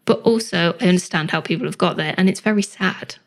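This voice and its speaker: A woman argues her point in casual podcast chat, her voice pitched a little low for a woman. She speaks earnestly and persuasively, and often presses with questions. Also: fast. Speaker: podcast guest, singer and vocal coach.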